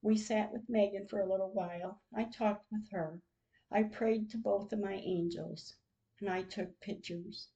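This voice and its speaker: A woman hosting a podcast, reading her personal diary entries aloud in a soft, heartfelt way and often stopping to pray. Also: medium pitch, steady tone, lo-fi sound. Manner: slow, soft and heartfelt, with frequent prayers. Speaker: podcast host.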